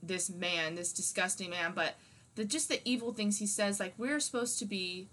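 A woman's voice: mid-range voice, moderate pace, fairly bright tone. A woman co-hosting a casual podcast, speaking with indignant passion and swearing freely. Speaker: podcast co-host.

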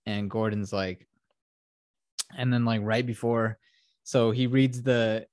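A man hosts a casual podcast, retelling a film in a rambling way with lots of fillers and swearing. His voice sits on the low side. The sound is dry and close. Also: steady tone, slow, darkish tone, dry recording. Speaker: podcast host.

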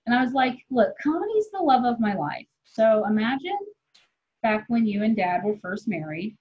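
A woman in her forties, a comedian guest, chatting casually and candidly, rambling and swearing freely with quick laughs. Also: a little high, sing-song, breathy edge. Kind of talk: casual podcast chat. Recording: dull lo-fi sound.

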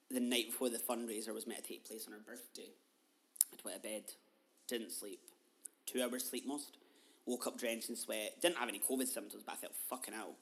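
Young host, candid storyteller, emotional, drops from soft to loud, swears freely. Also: mid-range voice, steady tone, brisk. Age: 20s. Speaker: podcast host. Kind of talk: personal storytelling monologue.

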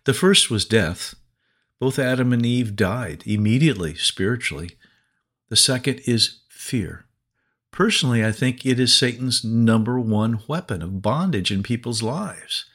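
Male preacher, sermon podcast, animated pitch, storytelling. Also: a little slow. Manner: storytelling, expressive.

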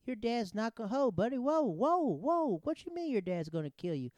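A man's voice: expressive, moderate pace, dark tone, smooth, no echo. A man voicing a kindly small-town male police officer who fusses over and soothes a nervous driver in a story. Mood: alarmed. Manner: high, repeated "whoa" and "hey", coaxing.

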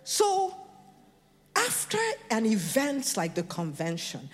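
Animated American woman preaching in a reverberant hall. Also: lowish voice, unhurried. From United States. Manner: animated, asks the crowd questions, builds to shouting. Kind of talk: sermon. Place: church. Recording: long reverb of a church hall.

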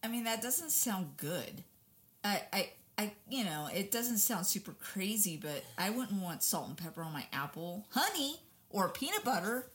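A woman co-hosting a casual podcast chat, reacting with quick interjections and laughs. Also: mid-range voice, sing-song, fairly bright tone. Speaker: podcast co-host.

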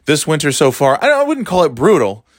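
A man's voice: fairly high pitch, huge pitch swings, brisk, no echo, clean studio sound. Profane, rambling male podcast host. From northeastern United States. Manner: rambling, profane, sarcastic ranting. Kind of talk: casual solo podcast monologue.

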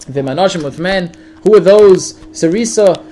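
A man with a fairly high voice teaches a weekly Torah portion, reading out each verse before explaining it. He mixes Yiddish words into his English and often restarts his sentences. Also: unhurried, warm tone. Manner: reads Hebrew verses then translates, with restarts and Yiddish words. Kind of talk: line-by-line Torah lesson with translation.

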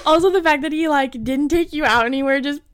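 A woman's voice: sits high, quick pace. A young woman, co-hosting a casual podcast chat with blunt, teasing interjections. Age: young adult. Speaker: podcast co-host.

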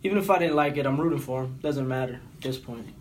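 A man's voice: mid-range voice, quick pace, a little hiss or hum. Easygoing man co-hosting a podcast. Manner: easygoing, hesitant, with many fillers. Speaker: podcast co-host. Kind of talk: casual sports podcast chat.

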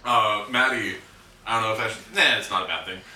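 A man's voice: on the low side, a little fast, recorded from a distance, noisy background. Young guy rambling thru a work story, lots of uhs, echoey room. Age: young adult. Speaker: podcast guest. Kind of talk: casual chat.

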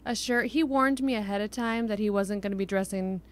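A woman in a casual chat, easygoing and quick to laugh as she tells her side of a date. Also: mid-range voice.

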